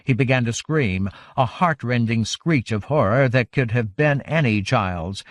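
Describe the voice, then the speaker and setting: A man narrating a fantasy audiobook in a measured, even reading on a close studio mic. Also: mid-range voice, dry recording.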